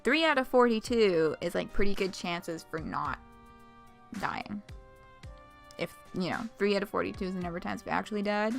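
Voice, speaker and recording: Gravelly-voiced woman streaming a game. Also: medium pitch, normal speed, soft background music. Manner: chatty, laughs often, swears freely. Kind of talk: casual let's-play commentary, reading a game aloud.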